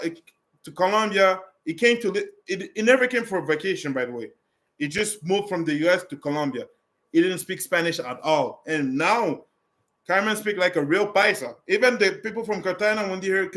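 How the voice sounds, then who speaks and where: Rambling man vlogger, higher voice. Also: fairly bright tone. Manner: rambling, with many restarts and fillers; blunt and direct. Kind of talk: casual talk answering viewer questions.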